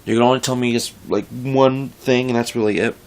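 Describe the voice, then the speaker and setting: A man's voice: mid-range voice, steady tone, fairly quick, a little mellow, clear, resonant tone. A young man talking casually in a vlog, venting frustration about his workplace in a rambling way with frequent restarts. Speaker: vlogger.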